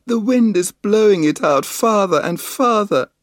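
A man reading a storybook aloud, voicing an excitable young girl in a high, emphatic voice. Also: a little slow, no echo, studio quality. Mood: excited.

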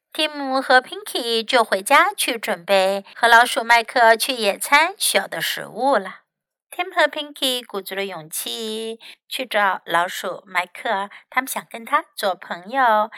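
A woman English teacher reading a children's story aloud and teaching sentences, slow and clear. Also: on the high side, pushed and bright, no room sound, poor audio. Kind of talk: bilingual storybook narration and lesson.

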